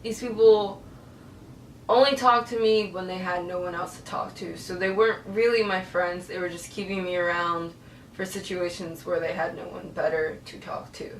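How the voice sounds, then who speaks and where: A woman's voice: on the low side, fairly even intonation, moderate pace, distant mic, slight background noise. A young woman telling a personal story to camera, earnest and emotional. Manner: earnest, emotional, tearful at times. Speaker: vlogger. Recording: echoey room, voice a bit off-mic.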